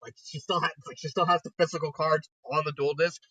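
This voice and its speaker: A man's voice: on the high side, little pitch movement, fairly quick, pushed and bright, husky, no room sound, recorded from a distance, poor audio. A young man giving a casual spoken review, retelling it animatedly with frequent laughter and lots of "like". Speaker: fanfiction reviewer. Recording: dry sound, voice set back from mic.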